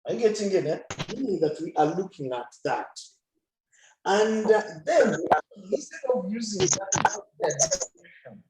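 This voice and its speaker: A man's voice: high-pitched, huge pitch swings, moderate pace, roomy sound, background noise. A man teaching a biology lesson in an online class, often asking a question and then answering it himself.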